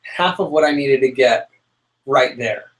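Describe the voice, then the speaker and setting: A young man co-hosting a casual chat show, telling a story with lively, dramatic outbursts. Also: mid-range voice, unhurried, low-quality recording. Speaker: podcast co-host.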